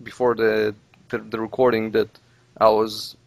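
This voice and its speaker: A man's voice: fairly low pitch, completely flat delivery, a little slow, creaky, no echo. A man whose first language is Russian, chatting casually on a podcast as a guest, rambling and repeating words as he talks. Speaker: let's play creator, guest.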